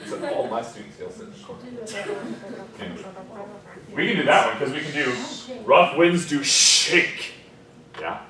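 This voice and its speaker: A man teaches a diction class, recorded from far off in a very echoey room while the class murmurs. His pitch moves lively as he explains. He checks in with his students constantly and draws out example lines slowly. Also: a crowd in the background. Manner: explanatory, checks in often with "okay?" and "right?". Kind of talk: classroom lesson.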